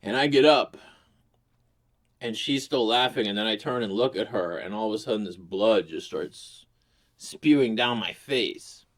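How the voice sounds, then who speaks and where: A man's voice: on the low side, normal speed. A man hosting his own channel, telling a crude, rambling comic story full of swearing. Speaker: host. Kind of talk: casual comedic storytelling.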